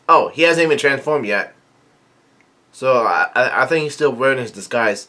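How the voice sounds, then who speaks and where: A man's voice: mid-range voice, animated, moderate pace, sharp tone. A man casually reading a comic aloud and commenting as he goes, rambling, with many fillers and restarts. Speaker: comic reviewer.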